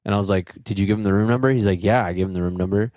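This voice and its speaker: A young man and podcast co-host telling a tour story in casual chat, animated and swearing, mimicking friends in a raised voice. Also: fairly low pitch, racing, no echo, studio quality. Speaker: podcast co-host, band member.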